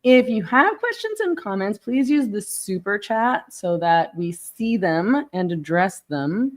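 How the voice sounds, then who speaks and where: A chatty woman hosts a casual live stream in a mid-pitched voice. She rambles with fillers and jokes at her own expense, and her mic sits a little far from her face. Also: big pitch swings, unhurried. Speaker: host. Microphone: mic set far from her face.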